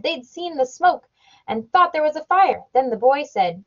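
A woman, a mother, reading a picture book aloud to her child at home, animated and playing up the sound effects. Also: high-pitched, moderate pace. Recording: dull lo-fi home recording.

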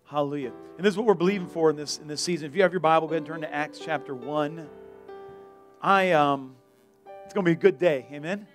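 A man's voice: a little high, fast, faint music behind. A man pastoring a church, preaching casually with jokes and energy. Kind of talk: sermon. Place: church sanctuary.

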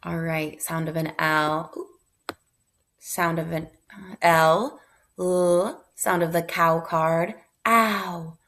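A woman teacher leads a phonics review in a lowish voice. She sounds out each letter slowly and deliberately, blends the sounds into words, and praises the answers warmly. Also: fairly even intonation, slight background noise.

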